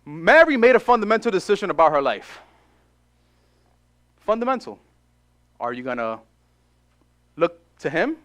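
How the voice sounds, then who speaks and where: A male pastor preaching a sermon in an animated way, acting out short dialogues and repeating phrases for emphasis. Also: high voice, moderate pace, long pauses. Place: church.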